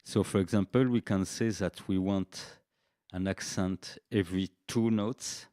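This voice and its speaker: A man explaining music software features in a live-streamed tutorial, unhurried and checking in with "okay" as he goes. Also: low voice, fairly even intonation, clean tone, no echo, clean studio sound. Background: faint drum machine beats.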